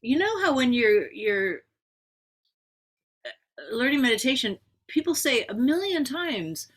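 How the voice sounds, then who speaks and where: A woman hosts a relaxed interview in a somewhat high voice. She speaks reflectively, often pausing and restarting her sentences. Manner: reflective, halting with restarts and fillers. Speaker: host. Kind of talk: conversational interview.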